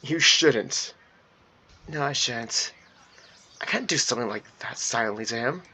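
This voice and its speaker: A man's voice: medium pitch, expressive, unhurried, sharp tone, a little hiss or hum. Playful man reading a game aloud. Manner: playful, laughs at himself. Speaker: visual novel reader.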